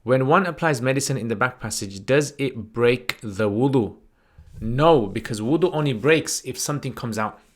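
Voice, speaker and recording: A man runs a livestreamed Q&A about religion, reading each viewer's name and question into a desk microphone. He answers unscripted and casually, with fillers and restarts, in an expressive mid-range voice at normal speed.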